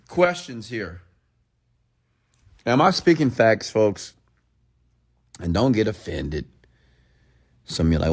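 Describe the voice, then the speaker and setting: This motivational speaker's voice sits low with big pitch swings, and he speaks a little slowly, pausing often. His late-night rant is blunt and profane, and he quotes others' excuses in a raised, mocking imitation.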